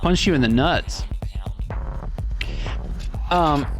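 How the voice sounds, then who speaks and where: A man's voice: a little high, very slow, soft background music. A young man casually recapping a movie on a livestream, rambling and swearing offhandedly.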